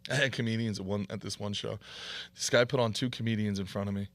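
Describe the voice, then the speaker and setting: A man's voice: on the low side, fairly even intonation, fast, fairly bright tone. A man hosting a podcast, delivering a heated, profane comedic rant with mocking impressions. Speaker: podcast host.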